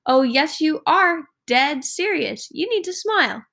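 A woman's voice: sits high, a little slow, gravelly, pitched above the performer's own voice, full character voice. A woman reading aloud as a bold, chatty schoolgirl who teases her friends. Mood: teasing. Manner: lively, teasing.

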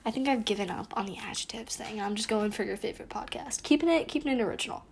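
Young female podcast co-host, chatty and giggly, slightly high voice. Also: quick pace, creaky, slight background noise. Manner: giggly, restarts intros often. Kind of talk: casual podcast chat, blooper takes.

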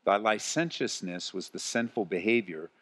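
A man preaching a live church sermon as pastor, moving between quiet earnest passages and rising, loud exhortation. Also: on the low side, moderate pace. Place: church sanctuary. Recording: long reverb of a large hall.

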